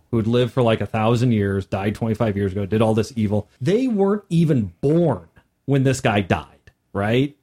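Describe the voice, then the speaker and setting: Gm guy telling his table's story, lively, does the voices. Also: medium pitch. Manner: animated storyteller who acts out characters. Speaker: game master. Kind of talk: casual podcast chat, recounting a game.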